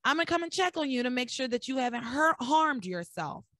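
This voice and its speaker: A woman hosting a podcast, recapping episodes in a blunt, animated way with some swearing. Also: sits high, fairly quick, no echo, studio quality. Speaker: podcast host. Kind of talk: casual recap chat.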